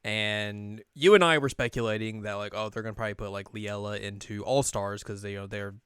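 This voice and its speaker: Podcast host guy, smooth voice, dry close mic, chatty and laughs a lot. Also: lowish voice, fairly quick, dry recording. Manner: chatty, laughs often, speeds up when excited. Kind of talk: casual podcast chat.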